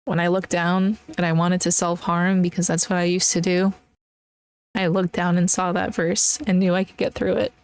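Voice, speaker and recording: Young female solo podcaster, lowish voice, heartfelt and encouraging, casual delivery. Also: level tone, normal speed, no room sound. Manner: earnest, emotional, encouraging. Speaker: podcast host.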